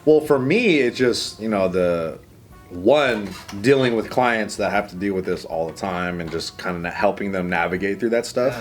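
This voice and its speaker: A man's voice: fairly low pitch, lively intonation, moderate pace, soft background music. A man who co-hosts a podcast, talking casually and swearing freely as he tells a story. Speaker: podcast co-host. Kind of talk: casual chat.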